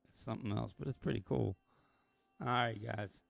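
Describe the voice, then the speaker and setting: A man's voice: mid-range voice, moderate pace, creaky, no echo, faint music behind. A man hosting a late-night livestream, talking candidly and rambling with swearing, tired and emotional. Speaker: channel host.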